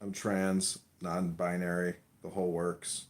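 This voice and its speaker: A man hosting, cracking deadpan, provocative jokes in casual banter. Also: sits low, a little slow. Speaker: host.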